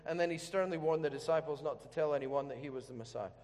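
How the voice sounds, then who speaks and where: High-voiced, joking preacher in echoey hall. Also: male voice, fast, darkish tone. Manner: humorous, chatty storytelling with questions to the audience. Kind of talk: sermon.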